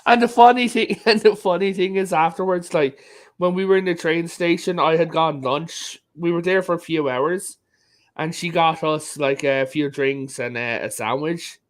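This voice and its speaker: European man telling animated anecdotes. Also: fairly high pitch, moderate pace. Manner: animated storyteller, acts out quotes, laughs often. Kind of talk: casual chat, telling anecdotes.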